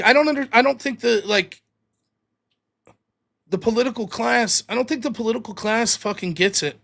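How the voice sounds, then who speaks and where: A man's voice: high-pitched, sharp tone. A man hosting a live stream, ranting bluntly with lots of swearing and reading out viewer donations. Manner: profane, heated, blunt. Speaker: livestream host reading donations. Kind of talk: casual livestream rant.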